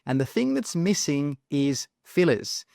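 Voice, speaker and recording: A man teaching English pronunciation in an online lesson, speaking deliberately and repeating each example word. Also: on the high side, big pitch swings, gravelly, darkish tone, no echo, studio quality. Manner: slow, deliberate, repeats words for the learner.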